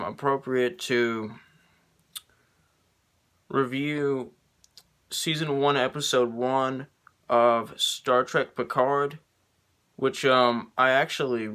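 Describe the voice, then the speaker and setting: Slow, bright-toned man reviewing a show. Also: medium pitch, clean tone. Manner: halting, many ums and restarts. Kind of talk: unscripted video review.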